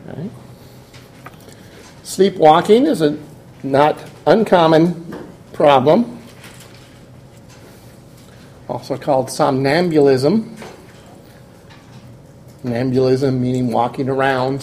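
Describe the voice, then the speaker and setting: A man's voice: medium pitch, slow, pauses often, a little mellow, slight background noise. A man giving a classroom lecture, explaining step by step and putting questions to his students.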